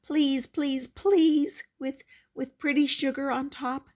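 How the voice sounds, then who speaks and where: A woman voicing a small excitable child who pleads with its mother, in a storybook reading. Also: takes it slowly, a little hiss or hum. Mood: pleading. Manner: high-pitched begging, squealing.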